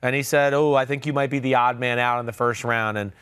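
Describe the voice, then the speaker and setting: A man's voice: medium pitch, steady tone, quick pace, fairly bright tone, clear, resonant tone, dry recording, studio quality. A man in his forties, a podcast host and former quarterback, telling loose, rambling stories in casual sports talk. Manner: loose, rambling storyteller with many fillers.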